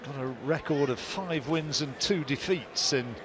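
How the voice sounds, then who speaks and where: A man doing live boxing commentary, measured play-by-play that lifts on big moments. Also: on the high side. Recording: commentary mix with loud arena noise.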